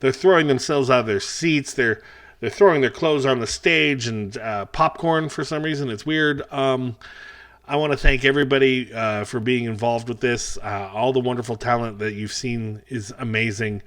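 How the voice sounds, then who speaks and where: A middle-aged man talks through a rambling, self-deprecating stand-up set. His delivery is wry and casual, and his voice sits at an ordinary pitch for a man. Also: moderate pace, a bit bright. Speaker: stand-up comedian. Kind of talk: stand-up set for a virtual festival.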